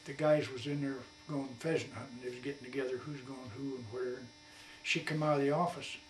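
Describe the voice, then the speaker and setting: A man's voice: mid-range voice, level tone, fairly quick. Brief: veteran man, 80s, colloquial oral-history storyteller, roomy far-off mic, slight hum. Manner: rambling folksy colloquial storyteller. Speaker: war veteran interviewee. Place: at his home. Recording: echoey room, distant mic, faint hum.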